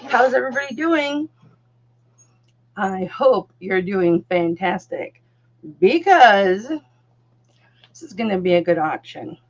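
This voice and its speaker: Her voice is medium-pitched, husky, and darkish, with a sing-song lilt, drawn-out words, and frequent pauses, all heard through dull audio. This older woman runs a casual live jewelry auction from home, chatting away and talking baby-talk to her puppy.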